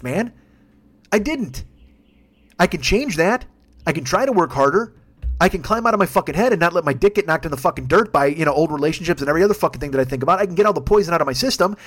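Guy in his 50s ranting solo on his podcast, rapid-fire, swears nonstop, blunt and heated. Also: fairly high pitch. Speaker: podcast host.

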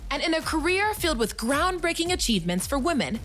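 Woman doc narrator, high and very expressive, faint music under it. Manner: polished, measured. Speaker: documentary narrator. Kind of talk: scripted narration.

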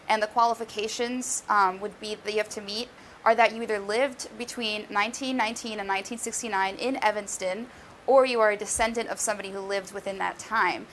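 A woman's voice: mid-range voice, fairly bright tone, a little hiss or hum. A woman correspondent in a casual news chat, talking with many ums. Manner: hesitant, many fillers.

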